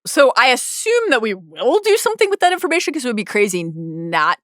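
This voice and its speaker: A woman co-hosting a TV recap podcast in casual chat, animated, with quick asides and restarts. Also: fairly high pitch, dry recording, studio quality. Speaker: podcast co-host.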